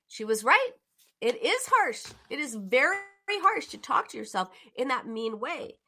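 Woman, motivational coach, emphatic, animated pitch, crisp bright tone. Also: normal speed. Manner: earnest, emphatic, acts out quoted self-talk. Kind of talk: motivational talk.

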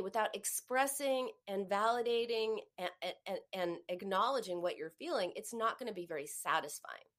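A woman's voice: a little high, expressive, moderate pace. A middle-aged woman coaching on emotions in a live teaching talk, acting out sighs and inner voices as she explains.

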